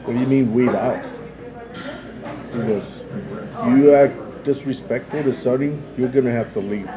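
A man tells a long story in a relaxed, rambling way, dropping "man" and "like" into nearly every line. His voice sits at an ordinary middle pitch, and a lively crowd chatters clearly behind him. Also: moderate pace. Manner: loose, rambling retelling full of "man" and "like". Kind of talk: casual spoken story.

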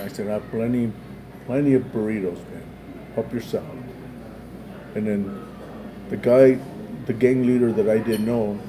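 A man's voice: fairly low pitch, background noise. A man casually retelling a story in a loose, rambling way, peppered with "man" and "like". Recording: busy crowd chatter behind.

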